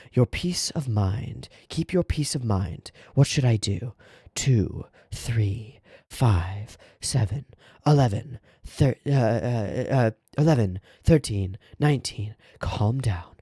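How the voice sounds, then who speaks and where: A panicking middle-aged priest, poisoned and frantic, counting prime numbers under his breath to stay calm, as a man reading a manga aloud puts him on. The voice sits low and swings widely in pitch, recorded dry and close. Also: takes it slowly, slightly rough, no room sound, full character voice. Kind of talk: dramatic manga read-aloud.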